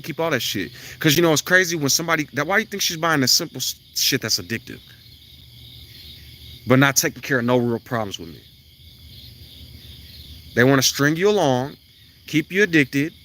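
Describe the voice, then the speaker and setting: A man's voice: on the high side, fairly bright tone, slight background noise. A man delivering a blunt, profane, preachy monologue outdoors near his house. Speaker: self-styled spiritual vlogger. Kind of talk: ranting monologue to camera.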